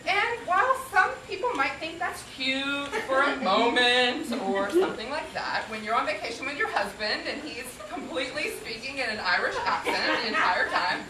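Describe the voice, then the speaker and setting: Woman, 30s, roast speech at a home party, lively pitch, recorded from afar in a roomy, noisy space. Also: normal speed, few pauses, recorded from a distance, a loud crowd. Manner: laughing often, animated storytelling. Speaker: wife giving a birthday roast speech. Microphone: distant camera.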